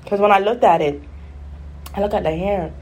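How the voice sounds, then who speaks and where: A woman's voice: medium pitch, moderate pace, a little mellow, slight background noise. A woman chatting casually on a vlog, telling a rambling, exasperated story. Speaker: vlogger. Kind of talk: casual chat.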